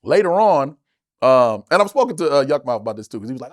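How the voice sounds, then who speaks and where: A man in his forties telling a story as an interview guest, acting out quotes and swearing freely. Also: fast. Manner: animated, acts out quotes with big pitch jumps, swears freely. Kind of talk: animated storytelling.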